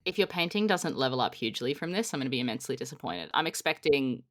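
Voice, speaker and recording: A woman, co-hosting a podcast in upbeat, animated casual chat. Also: rumbling low, quick pace. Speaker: podcast co-host.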